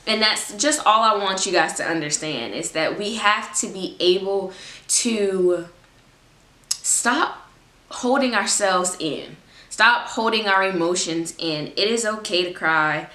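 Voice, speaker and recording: A woman in her twenties giving a casual, expressive faith talk as a Christian vlogger, chatty and informal. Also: medium pitch, slow pace, echoey room. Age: 20s. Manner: expressive, acts out her own prayers; informal, chatty, laughs often.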